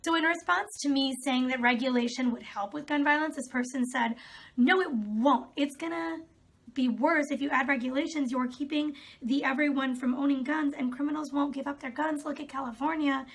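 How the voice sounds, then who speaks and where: A woman's voice: high-pitched, normal speed, a bit bright. A young woman vlogging, reading out comments and answering them in a sarcastic, exasperated way. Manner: exasperated, sarcastic, laughs often. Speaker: video creator.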